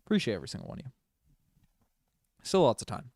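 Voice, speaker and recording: A man giving casual, partisan play-by-play on a fan livestream, moving from low mutters to loud excited shouts. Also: fast, no echo, studio quality. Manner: excitable, swings from mumbling to shouting. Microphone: desk microphone.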